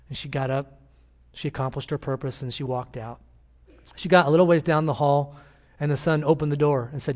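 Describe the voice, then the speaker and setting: A man with a fairly high voice preaches to his congregation in a church, telling a story earnestly. He moves from gentle storytelling into emphatic calls to act. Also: fairly even intonation, fairly quick. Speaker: senior pastor. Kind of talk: sermon.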